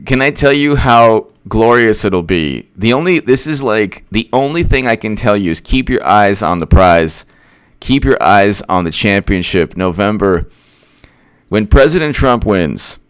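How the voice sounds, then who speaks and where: A man talks through a casual political commentary, rambling and sarcastic, tripping over restarts as he goes. His voice moves up and down a lot and stays smooth and clear. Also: on the low side, animated, a little slow.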